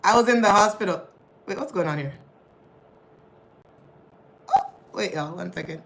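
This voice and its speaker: A young woman's mid-range voice, gravelly yet fairly bright, sounds animated at a moderate pace as she hosts a casual livestream. She reads viewer comments, chats, laughs often, and refers to her audience as y'all. The recording quality is low.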